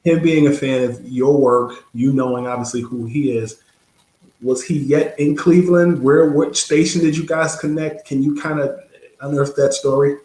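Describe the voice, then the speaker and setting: Halting male interviewer in an echoey room. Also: on the high side, steady tone, a little mellow. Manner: halting, with many ums. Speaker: interview host. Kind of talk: casual interview questions.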